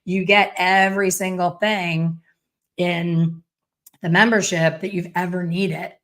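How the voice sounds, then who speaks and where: A woman's voice: on the low side, little pitch movement, slow pace, a bit bright. A woman in her fifties hosting a live stream, talking in a blunt, chatty way with a sassy edge. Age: 50s. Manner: blunt, chatty, storytelling with sassy put-on voices. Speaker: hair color educator hosting a live stream. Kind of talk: casual live-stream chat.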